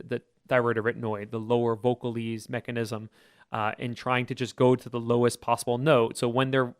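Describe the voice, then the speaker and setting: A man's voice: mid-range voice, fairly bright tone, clear, resonant tone, no room sound, studio quality. A man, a choir teacher and podcast co-host, explaining vocal technique at length in casual chat with jargon and restarts.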